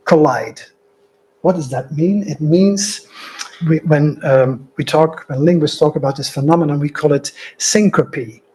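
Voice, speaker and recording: Older Dutch man, husky academic lecture. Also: fairly high pitch, dark tone, rough recording. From Netherlands. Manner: digressive, many fillers and asides.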